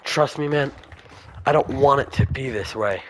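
A young man giving casual let's play commentary, chatting to the game's characters and breaking into excited shouts. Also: mid-range voice, moderate pace, a little hiss or hum. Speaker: gamer.

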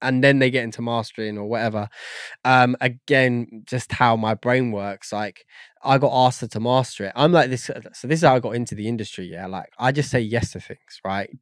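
A man's voice: medium pitch, a little fast, dry recording, clean studio sound. A man, a guest on a podcast, talking in a rambling, casual way and searching for words with lots of fillers. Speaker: guest audio engineer.

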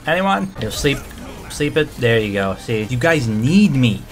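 A man giving excitable let's-play commentary, trash-talking and breaking into shouted outbursts. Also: mid-range voice, a little slow, faint music behind. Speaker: gamer and video creator.

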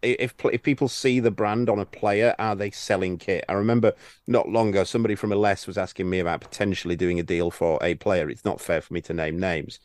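Male tennis coach, very low voice, dry close sound, anecdotal explainer. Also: steady tone, a little fast, dry recording. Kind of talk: casual podcast chat.

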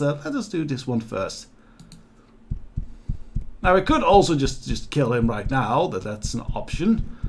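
A man's voice: sits high, fairly bright tone, slight background noise. A man giving casual, chatty commentary while playing a video game, with self-deprecating asides. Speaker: let's play host.

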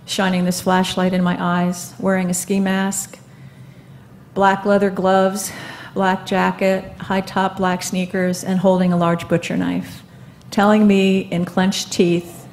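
A woman in her seventies speaking onstage at a live event, telling her own story in an earnest, halting way with many fillers and restarts. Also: medium pitch, monotone, a little mellow, slight background noise. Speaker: guest speaker. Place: live event stage before an audience.

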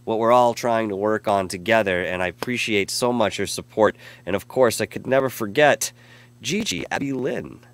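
A man's voice: on the low side, moderate pace. A man hosting a casual live stream, rambling and effusive as he reads out chat messages and thanks viewers. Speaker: live show host.

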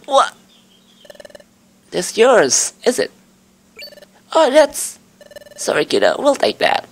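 A man voicing a taunting young male bat bully in a video game, mocking and high-pitched. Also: huge pitch swings, slow, husky, full character voice.

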